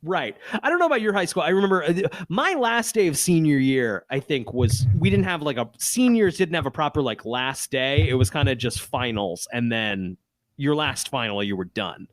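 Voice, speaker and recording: A man's voice: fairly high pitch, very animated, normal speed, dry recording. A man co-hosting a podcast, recapping a TV episode in casual chat with sarcastic jokes and frequent laughs. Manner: joking, rambling, sarcastic asides with laughs. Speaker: podcast co-host.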